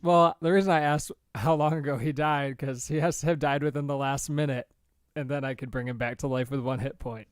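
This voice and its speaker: A man plays a tabletop game and explains a spell rule in a casual, plain way. His voice has a middle pitch. The sound is close and dry. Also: steady tone, fairly quick, clean tone, dry recording. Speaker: player.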